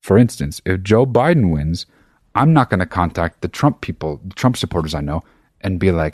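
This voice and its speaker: A man's voice: low voice, lively intonation, brisk, darkish tone, no room sound, clean studio sound. A man hosting his own podcast, talking in a casual, profane and emphatic monologue. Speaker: podcast host.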